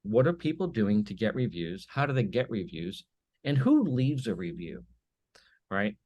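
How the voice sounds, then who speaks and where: A man speaking as a podcast guest in a slightly low voice. He tells his stories with animation and slips into quick acted-out snippets of dialogue. The sound is dry and close, with no room around it. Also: dry recording, highs cut off. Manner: animated storyteller who acts out little dialogues. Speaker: podcast guest, business owner. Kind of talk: casual conversation.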